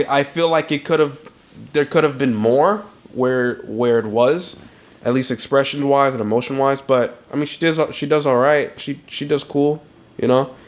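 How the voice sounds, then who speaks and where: A man co-hosting a film podcast, talking loosely and with plenty of swearing about movies he saw. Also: mid-range voice. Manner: loose, profane, animated film talk. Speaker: podcast co-host. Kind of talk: casual chat.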